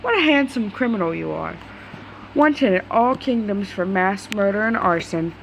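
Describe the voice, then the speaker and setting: A bright, confident young prince who smiles through every threat, as a woman reads his lines aloud. He gives orders with ease, in a plain read-aloud story voice. The pitch sits right in the middle. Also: expressive, moderate pace, gravelly, slight background noise, poor audio. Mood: cheerful. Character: young cheerful commanding male prince.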